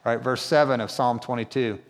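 A man's voice: medium pitch, fairly even intonation, a little fast. A man preaching a sermon in a casual, conversational way, often asking the congregation questions. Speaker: pastor. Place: church hall. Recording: long reverb of a church hall.

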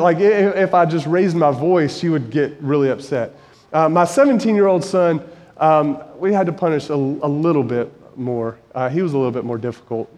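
A man's voice: a little high, darkish tone. A man in his forties giving a conversational sermon, earnest and storytelling, rising to emphatic peaks. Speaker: preacher and high school Bible teacher. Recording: long reverb of a large hall.

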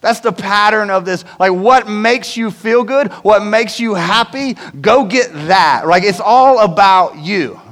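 A man preaching in a relaxed, conversational way, checking in with the room through repeated "right?" tag questions. His voice sits high for a man. The sound carries a long reverb, like a large church auditorium. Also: measured pace, hardly any pauses. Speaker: pastor. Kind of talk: sermon.

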